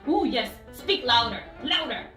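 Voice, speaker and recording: A woman English teacher leading a phonics lesson with young children, speaking slowly and encouragingly and repeating words clearly. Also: high voice, expressive, sharp tone, reverberant, distant mic, soft background music. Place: classroom.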